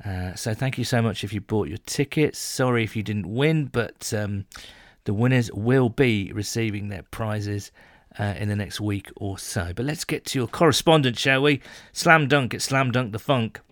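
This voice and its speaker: A man from the United Kingdom hosts a casual fan podcast. He reads listener messages and answers each with a quick joke. His voice sits close and dry on the mic, with no room sound. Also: on the low side, fairly bright tone, no room sound. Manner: chatty, jokey, reads messages then reacts. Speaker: podcast host.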